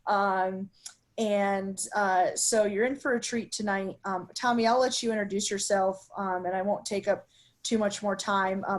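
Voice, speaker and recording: A woman hosting a webinar, introducing the guest in a casual, hesitant way with many fillers. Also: mid-range voice. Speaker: webinar host.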